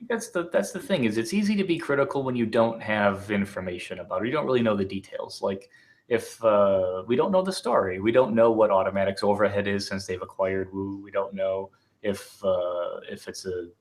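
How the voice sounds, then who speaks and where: Man, Wisconsin accent, podcast co-host, lowish voice, hesitant casual talk. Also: brisk. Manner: thinking aloud, hesitant, many fillers and restarts.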